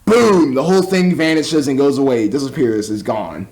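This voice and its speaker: Young guy with a high voice rambling thru a movie review, keeps tripping on his words. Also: lively intonation, a little fast, gravelly, few pauses, darkish tone, low-quality recording. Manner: rambling, exasperated, stumbling over words. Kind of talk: casual spoken movie review.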